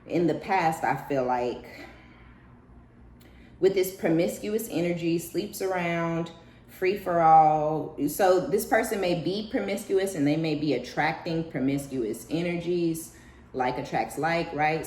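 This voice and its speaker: Woman, casual spiritual reading, profane, animated, mocking voices, laughing, echoey room. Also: deep voice, unhurried, a little hiss or hum. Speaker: tarot reader.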